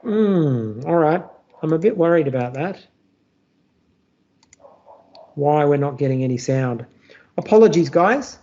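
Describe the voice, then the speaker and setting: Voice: mid-range voice, lively intonation, unhurried, pauses often, warm tone. A teacher giving a live online demonstration of a reading tool, talking casually and checking in with "all right?" after nearly every point. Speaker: teacher presenting a workshop. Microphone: computer mic on a video call. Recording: muffled lo-fi video call audio.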